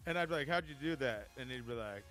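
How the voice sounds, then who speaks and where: A man's voice: a little high, fairly bright tone. A man tells a funny story in casual chat while gaming, laughing often. He acts out his friend's replies. Faint game music plays behind him. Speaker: gaming streamer.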